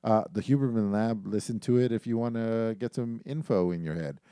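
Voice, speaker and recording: Low-voiced swearing podcast guy. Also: a little fast, warm tone, clear, resonant tone, no echo, studio quality. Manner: loose, swears freely, hesitant fillers. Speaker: podcast co-host. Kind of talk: casual podcast chat.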